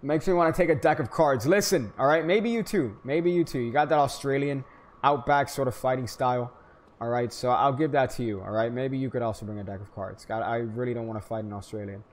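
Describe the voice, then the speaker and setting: A young man from Florida giving casual gameplay commentary, rambling and joking, with sudden loud hyped outbursts. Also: medium pitch, brisk, a little hiss or hum. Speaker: gaming streamer.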